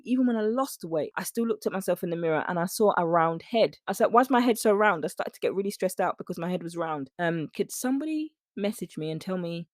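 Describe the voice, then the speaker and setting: A woman's voice: on the low side, no echo, studio quality. A woman hosting a nutrition coaching podcast, talking emphatically and preachily in slangy, faith-inflected talk aimed straight at the listener. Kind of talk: motivational podcast monologue.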